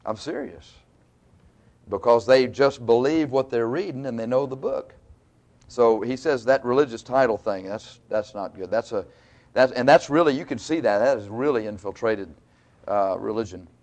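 A man's voice: medium pitch, moderate pace, a little mellow. Male preacher, folksy conversational sermon delivery. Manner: folksy, conversational Bible teaching with laughs and asides.

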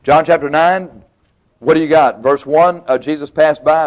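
A man preaches in a folksy, colloquial style, acting out old stories with drama. His voice sits somewhat high for a man. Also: moderate pace, highs cut off. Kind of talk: sermon, storytelling.

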